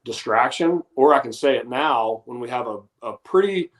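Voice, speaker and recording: A man's voice: medium pitch, lively intonation, normal speed. A man in his thirties, a guest in a casual sports chat, explaining technique in a frank, self-deprecating way. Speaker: guest, former punter.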